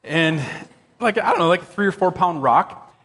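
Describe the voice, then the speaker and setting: A man preaching a sermon, telling a personal story in an animated, excitable way that jumps up into high exclamations. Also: normal speed. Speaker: pastor. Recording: long reverb of a church hall.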